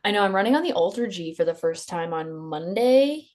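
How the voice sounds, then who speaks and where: A woman co-hosting a podcast, chatting in a relaxed, easygoing way with casual fillers. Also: fairly low pitch, brisk. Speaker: podcast co-host.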